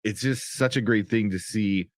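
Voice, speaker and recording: A man's voice: on the low side, moderate pace, no echo, clean studio sound. A young man giving a casual spoken review of a show, rambling with lots of fillers and restarts.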